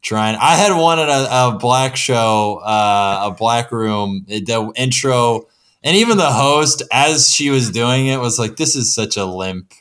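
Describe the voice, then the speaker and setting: Comedian dude rambling along w little chuckles, casual chat. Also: male voice, medium pitch, measured pace, fairly bright tone, clean tone.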